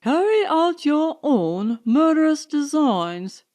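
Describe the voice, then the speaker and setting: A man's voice: very high voice, very animated, slow pace, darkish tone, pitched above the performer's own voice, full character voice. Woman voicing an exasperated, commanding young man.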